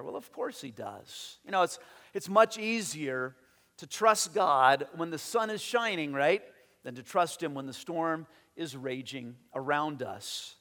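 Male pastor, high voice, lively sermon delivery with acted-out quotes, hall reverb. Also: unhurried. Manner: animated, acts out voices in quotes, repeats words.

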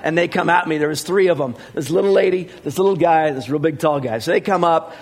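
Middle-aged pastor guy preaching, chatty storyteller, kinda high voice, lots of uhs. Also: quick pace. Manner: conversational, many fillers, animated when retelling dialogue. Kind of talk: sermon with storytelling.

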